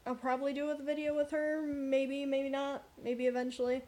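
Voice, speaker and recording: A young woman vlogger telling a workplace story in a casual, animated, blunt way. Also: high-pitched, normal speed. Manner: animated, blunt, frequent swearing and asides.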